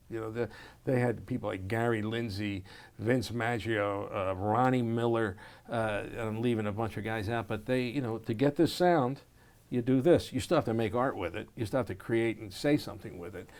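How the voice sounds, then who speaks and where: A man's voice: lowish voice, creaky. A man, a jazz saxophonist and educator, telling stories in an oral history interview, acting out scenes and scatting melodies. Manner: animated storyteller, acts out scenes and scats melodies.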